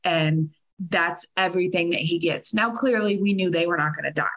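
A woman's voice: fairly low pitch, steady tone, normal speed, a bit bright, rough recording. A woman on a podcast panel, talking in a blunt, enthusiastic, casual way and swearing freely. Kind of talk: casual chat.

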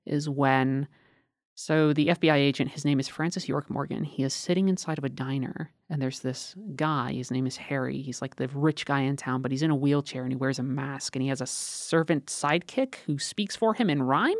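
A woman's voice: rumbling low, normal speed, dry recording, studio quality. A woman guest on a casual podcast, telling stories with gusto and swearing freely. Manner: animated,喜 swearing freely, storytelling; animated storyteller who swears freely. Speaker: podcast guest, games writer.

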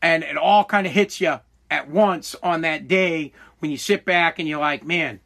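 A man's voice: fairly high pitch, moderate pace, creaky, fairly bright tone. A man in his forties hosting a podcast, giving an emphatic, profane motivational monologue full of restarts. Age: 40s. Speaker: podcast host.

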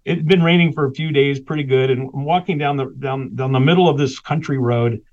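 A man's voice: mid-range voice, fairly quick, darkish tone, lo-fi sound. A man, a guest author, animatedly telling a personal story in conversation, laughing between lines.

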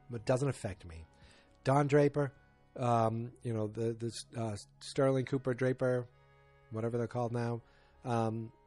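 A man's voice: mid-range voice, darkish tone. A man casually recapping a TV episode, thinking aloud and often restarting his sentences.

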